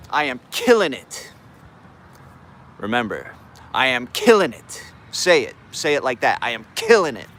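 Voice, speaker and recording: A man's voice: a little high, sharp tone, slight background noise. Laid-back man hosting a morning stream. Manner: laid-back slang, greets chat viewers by name. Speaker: livestream host. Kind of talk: casual live affirmation stream.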